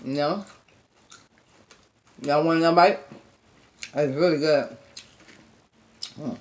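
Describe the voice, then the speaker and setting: A woman's voice: sits low, slow, darkish tone. A woman hosting an eating show, chatting casually to viewers between bites and humming over her food. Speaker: mukbang host.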